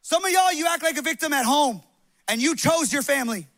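High, bright-voiced passionate preacher man. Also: brisk. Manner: preaching loudly, passionate and animated. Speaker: pastor. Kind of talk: sermon. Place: church hall before a congregation.

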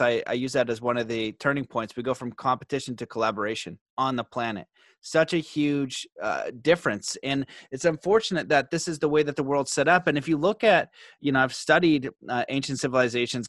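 A man talking as a podcast guest in casual conversation, getting worked up and animated as he makes his points. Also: medium pitch, no room sound. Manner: animated, worked-up when ranting.

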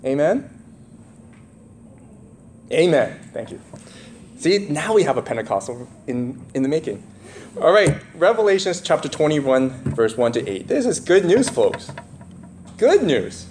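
A man delivers a sermon in a high-pitched, very expressive voice. He lifts his tone to read scripture and drops into casual asides to the congregation. A faint ambient hiss sits underneath. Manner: animated, rising to read scripture, conversational asides. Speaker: pastor.

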